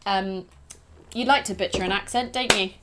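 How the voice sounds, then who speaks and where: A woman's voice: medium pitch, normal speed, heavy background noise. A woman co-hosting a casual home podcast, giggling and teasing her partner as she talks, recorded in a hot upstairs home office. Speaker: co-host. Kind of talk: casual chat.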